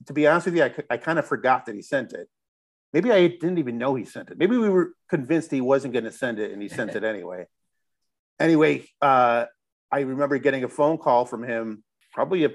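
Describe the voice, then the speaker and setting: Middle-aged man from Chicago telling a story. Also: mid-range voice. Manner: rambling, animated storytelling with restarts and swearing. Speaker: musician guest. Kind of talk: casual storytelling interview.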